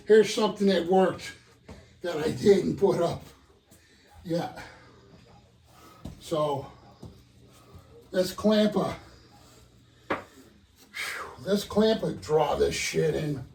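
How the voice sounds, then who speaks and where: A man's voice: on the high side, very slow, creaky, long pauses, a little mellow. An older man muttering and cursing to himself, out of breath as he works on model train benchwork. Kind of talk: casual self-talk while working. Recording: roomy echo, mic at a distance.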